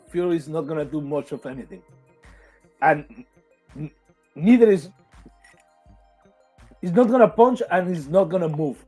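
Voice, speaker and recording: A man giving halting, hesitant boxing analysis as a panelist. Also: fairly high pitch, warm tone. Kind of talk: casual boxing panel chat.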